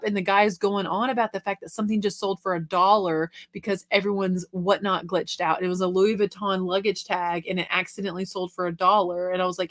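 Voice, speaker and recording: A chatty young woman hosts a casual livestream about reselling. She reads viewers' comments out and answers them in a relaxed, conversational way, with a voice of ordinary pitch for a woman.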